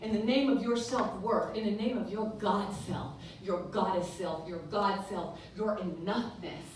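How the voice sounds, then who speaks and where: Animated woman preaching in echoey church. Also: mid-range voice, a little slow, slight background noise. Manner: animated storytelling, call-and-response with congregation, laughing. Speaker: guest speaker and singer. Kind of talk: lively church talk. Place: large church sanctuary. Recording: echoey live church recording from far off.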